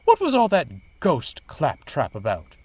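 A man's voice: mid-range voice, big pitch swings, unhurried, husky, exaggerated voice. A man voicing a prim, indignant female railcar. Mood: huffy. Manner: indignant, sniffy. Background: music.

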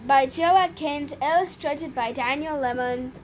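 A woman reading a children's picture book aloud in an expressive, careful storytelling manner. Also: high voice, a little slow, a little hiss or hum. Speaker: storybook reader.

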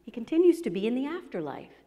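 A woman giving a storytelling talk to an audience, animated and acting out the voices of the people she quotes. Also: fairly high pitch, fast talker. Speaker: speaker presenting her book. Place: expo presentation hall. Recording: long hall reverb.

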